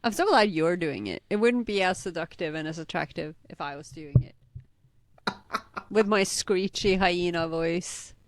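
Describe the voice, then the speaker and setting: A woman's voice: on the low side, animated, unhurried. A woman co-hosting a podcast, chatting casually in English with teasing, giggly banter. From Norway. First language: Norwegian. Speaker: podcast co-host.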